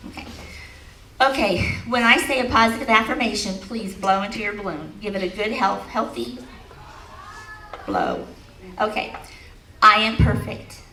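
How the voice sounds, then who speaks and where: In an echoey large expo hall, a woman speaker with a mid-range voice, lively intonation, and a sharp tone tells stories at a moderate pace, pausing often. She laughs and leads the live audience in affirmations as part of a motivational talk. The distant recording carries a little hiss or hum.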